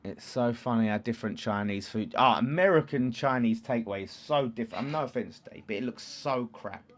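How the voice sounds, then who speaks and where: A man in his thirties with an East London accent, hosting a football watchalong in casual chat, reading out comments and erupting into loud shouts at chances. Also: medium pitch, fairly quick. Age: 30s. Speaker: livestream host.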